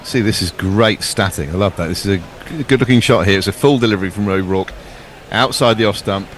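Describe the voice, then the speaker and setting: Low-voiced male cricket commentator. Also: a little fast, a little hiss or hum. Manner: chatty, jokey, describes play. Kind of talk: ball-by-ball radio commentary.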